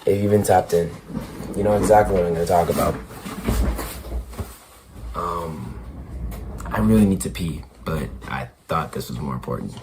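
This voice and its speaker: A hoarse young man with a lowish voice vlogs casually, stammering and repeating himself. His worn-out voice swings between quiet murmurs and loud bursts. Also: normal speed, long pauses, a little hiss or hum. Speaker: basketball YouTuber. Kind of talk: excited casual vlog.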